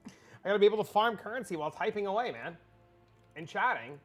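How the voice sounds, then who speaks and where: A man's voice: sits high, expressive, fast, a bit bright, faint music behind. A man livestreaming, chatting casually with his viewers in a rambling, profane way, often repeating himself.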